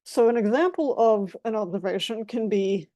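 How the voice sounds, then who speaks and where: A woman's voice: mid-range voice, expressive, moderate pace, warm tone, no echo. A woman giving an explanatory talk as a guest speaker, defining terms one by one in a methodical way.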